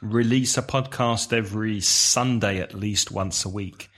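A man speaking at an unhurried, measured pace as he teaches on a podcast. He talks carefully, breaking words into syllables and pointing out the stress, like a patient English teacher reading out listener questions. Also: lowish voice, steady tone, fairly bright tone.

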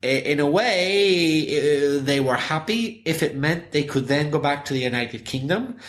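A man's voice: a little high, animated, normal speed. A man from Northern Ireland with a Northern Irish accent, co-hosting a casual chat and explaining things patiently with frequent fillers. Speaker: podcast co-host.

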